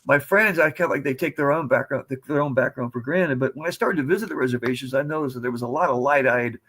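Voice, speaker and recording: A man's voice: medium pitch, fast talker, fairly bright tone. A man in his seventies from the United States, a podcast guest telling rambling, digressive stories in a casual way. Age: 70s. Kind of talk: casual storytelling.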